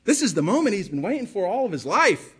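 Guy preaching a sermon, kinda husky, fairly high voice, gets fired up w/ rhetorical questions. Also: big pitch swings, fast talker. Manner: impassioned, rhetorical questions, repeats phrases for emphasis. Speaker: pastor.

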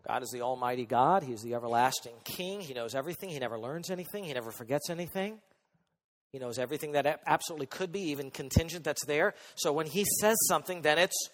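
Male pastor, sermon delivery, high-ish voice, animated soft-to-loud swings, reverberant sanctuary. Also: quick pace. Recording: long hall reverb.

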